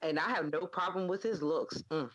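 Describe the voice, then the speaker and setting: A man's voice: fairly high pitch, normal speed, fairly bright tone, slightly rough, dry recording, muffled recording. A man co-hosting a casual wrestling podcast, speaking hesitantly with many ums and likes. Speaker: podcast co-host.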